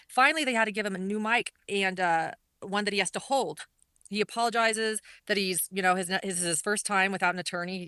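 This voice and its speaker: A woman's voice: mid-range voice, bright, forceful tone, smooth, no room sound. A woman commentator recapping a court hearing in an earnest, repetitive way, often restarting her sentences. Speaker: online commentator.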